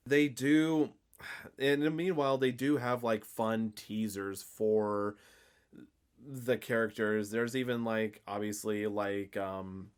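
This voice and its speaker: A man's voice: mid-range voice, clean tone. A man co-hosting a podcast, casually recapping a horror film in a rambling way with lots of filler words. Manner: rambling, leans on fillers like essentially and basically. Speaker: podcast co-host.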